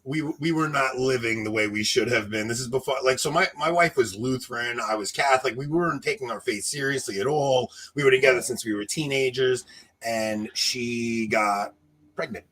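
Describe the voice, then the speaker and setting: A man in his thirties telling a long personal story in casual chat, animated and laughing, acting out what people said. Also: medium pitch, normal speed. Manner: animated, laughing, acts out quotes. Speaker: podcast co-host telling a story.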